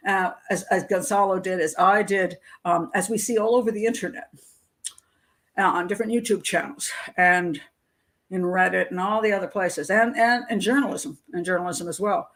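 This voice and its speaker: A woman's voice: medium pitch, normal speed, fairly bright tone. A middle-aged woman hosting a live stream, talking bluntly in a conversational way, reading out chat comments and laughing often. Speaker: host.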